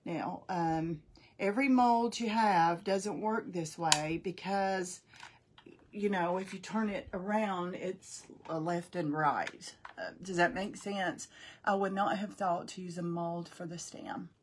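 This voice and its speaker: A woman's voice: fairly low pitch, slow pace, a little hiss or hum. A middle-aged woman casually demonstrating a craft live, chatting folksily, thinking aloud and greeting viewers by name.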